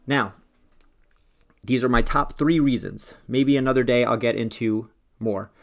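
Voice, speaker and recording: On his solo podcast, a man speaks earnestly and persuasively about the value of working with a coach, in a motivational vein. His voice is gravelly and medium-pitched, and he keeps a measured pace.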